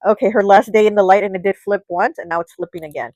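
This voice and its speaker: A woman's voice: mid-range voice, steady tone, fast, darkish tone, rough recording. A woman reading tarot cards in a casual way and retelling a story loosely, with many fillers. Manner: chatty, loose retelling full of "like" and "you know". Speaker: tarot reader.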